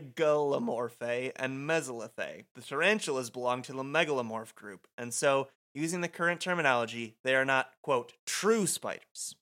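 A man's voice: medium pitch, normal speed, few pauses, pushed and bright. A man co-hosting a podcast, chatting enthusiastically about a video game with casual swearing and tangents. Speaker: podcast co-host.

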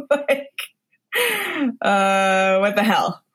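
A woman's voice: mid-range voice, extremely slow, fairly bright tone. A woman co-hosting a podcast, chatting casually about a bad movie with sarcastic disbelief and lots of "like" fillers. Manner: sarcastic, incredulous, many "like" fillers. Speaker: podcast co-host. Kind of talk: casual movie review chat.

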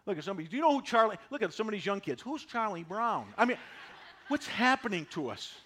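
A man in his sixties preaching a sermon, folksy and animated, driving points home with repetition. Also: high-pitched, fast talker. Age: 60s. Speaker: pastor.

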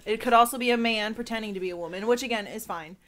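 A woman's voice: fairly high pitch, quick pace, fairly bright tone. A woman co-hosting a casual comedy podcast in a studio, blunt, swearing freely and laughing often. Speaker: podcast co-host.

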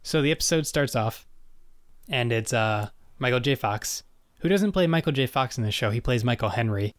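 A man's voice: mid-range voice, expressive, normal speed, no echo. A young man talks casually as a podcast co-host, walking through facts with easy filler words. His voice sits in a middle range. The sound is dry and close, with no room around it. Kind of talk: casual chat reviewing an old sitcom.

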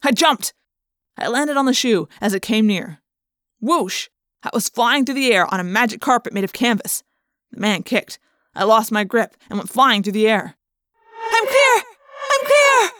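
A woman reading a first-person audiobook with brisk, vivid storytelling. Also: on the high side, a bit bright, no room sound, clean studio sound. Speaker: audiobook narrator.

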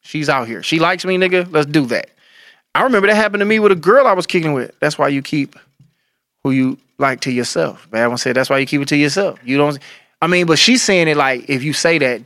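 A young man co-hosting a casual chat, telling loud, animated stories full of crude slang. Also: medium pitch, fast, no room sound. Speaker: podcast co-host.

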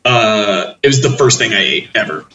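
Casting: low, forceful male player, distant mic in an echoey room with faint hiss. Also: expressive, moderate pace, highs cut off. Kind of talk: tabletop role-play.

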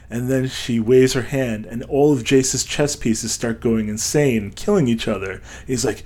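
A man's voice: medium pitch, moderate pace, few pauses, a little mellow. A man co-hosting a podcast, rambling through a story and acting out the lines of the people in it, often laughing. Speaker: podcast co-host. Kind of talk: casual chat, retelling a story with put-on voices.

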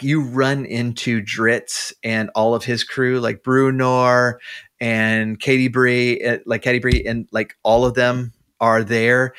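A man's voice: medium pitch, a bit bright, smooth. A man with a mid-range voice rambles through a long story in casual podcast chat. He restarts sentences often and leans on fillers as he goes. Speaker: podcast guest.

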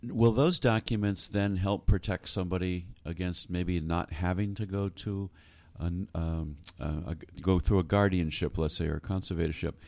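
A man's voice: low-pitched, fairly even intonation, moderate pace, creaky, hardly any pauses, a little mellow, dry recording. A man hosting a talk show interview, asking earnest questions with frequent hesitations. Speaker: host.

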